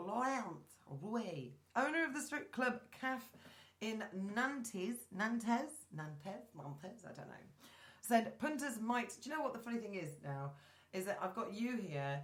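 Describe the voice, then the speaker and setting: A woman hosting a chat show, chatting casually and reading news stories aloud, stumbling over names. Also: mid-range voice. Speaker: host. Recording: roomy echoey room.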